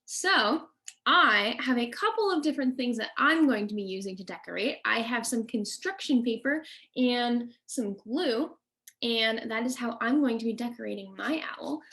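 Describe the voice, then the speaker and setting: A woman nature educator giving a children's lesson, talking slowly and in a friendly way to the kids. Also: fairly high pitch, gravelly, fairly bright tone. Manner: friendly, slow, addressing kids directly.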